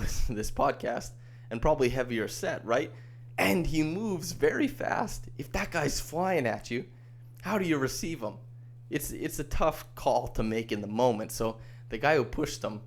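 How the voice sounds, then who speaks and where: A man's voice: mid-range voice, moderate pace. Easygoing male podcast host. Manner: chatty, wry, easygoing. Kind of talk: casual solo podcast commentary.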